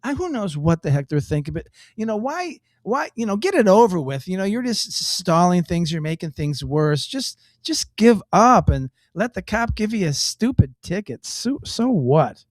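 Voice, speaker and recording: A man's voice: sits high, sing-song, moderate pace, few pauses, no room sound, studio quality. A man co-hosting a radio show in casual chat, rambling and incredulous, often restarting his sentences. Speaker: radio co-host.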